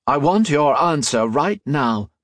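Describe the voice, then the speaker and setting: A man voicing a cold, imperious female villain in an audiobook, menacing and smoothly persuasive. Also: on the high side, animated, slow, dry recording, studio quality, voice pushed up. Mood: demanding. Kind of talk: audiobook character voice.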